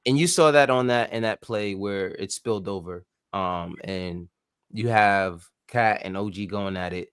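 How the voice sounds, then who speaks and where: A man's voice: fairly low pitch, a little slow, a bit bright, clear, resonant tone, no room sound, clean studio sound. A man co-hosting a casual sports podcast, laid-back and hesitant with many fillers. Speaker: podcast co-host.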